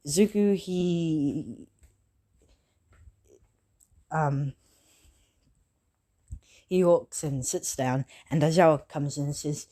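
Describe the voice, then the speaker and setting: A woman's voice: low-pitched, drawn-out words, long pauses, dark tone. A woman improvising a fan story aloud, rambling with many fillers and self-corrections.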